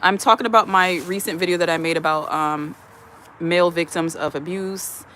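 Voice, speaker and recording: Streamer rambling to chat outside on a phone, mid pitch, greeting everyone. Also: fairly even intonation, moderate pace, sharp tone, a little hiss or hum. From USA. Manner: chatty, rambling, greets viewers one by one. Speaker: livestream host. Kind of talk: casual livestream chat, reading viewer comments aloud. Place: outdoors in the evening, chilly. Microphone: phone camera, speaker behind it.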